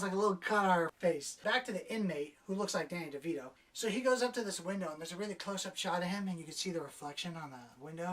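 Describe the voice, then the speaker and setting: A woman's voice: fairly low pitch, fast talker, few pauses, fairly bright tone, far from the mic. A young adult woman giving a casual spoiler review of a movie, exasperated and profane, doing mocking impressions of the characters.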